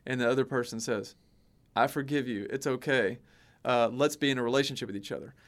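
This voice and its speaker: A man co-hosting a podcast, a teacher, talking in an animated storytelling way and quoting others. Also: mid-range voice, fairly quick. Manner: animated, storytelling with quoted voices. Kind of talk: casual podcast discussion.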